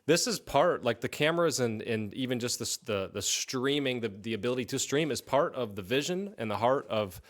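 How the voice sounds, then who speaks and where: A man's voice: medium pitch, animated, fairly quick, hardly any pauses. A man co-hosting a casual church question-and-answer session, reading out survey questions in an easygoing, affirming way.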